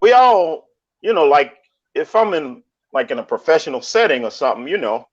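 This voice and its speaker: A man talking in a casual online debate, animated, often repeating and restarting his phrases. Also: on the high side, moderate pace. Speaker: panelist in online discussion. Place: lives in Colombia. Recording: dull lo-fi stream audio.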